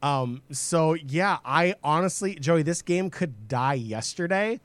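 A young man co-hosting a casual gaming podcast, jokey and animated, laughing often. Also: a little high, slow pace, no echo. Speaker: podcast co-host.

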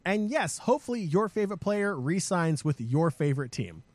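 A man talks through esports news as a co-host. His voice sits high for a man and comes across emphatic and lively, with a habit of repeating words as he gets going. The sound is dry, with no room around it. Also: normal speed, no room sound. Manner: animated, emphatic, repeats words when starting. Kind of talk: casual esports news discussion.

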